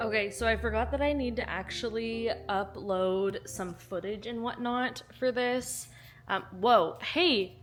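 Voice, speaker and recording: A woman vlogging casually about books at home, chatty and animated, swinging between loud exclamations and quiet asides. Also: a little high, slow, long pauses. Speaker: book vlogger. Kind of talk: casual vlog chat. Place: at home, in her kitchen.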